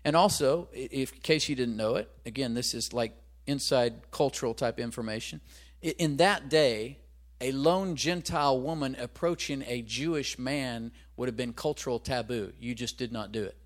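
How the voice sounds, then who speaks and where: A man's voice: medium pitch, normal speed. A man preaching a sermon in a conversational way, asking the congregation rhetorical questions and stopping to search aloud for his references. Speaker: pastor.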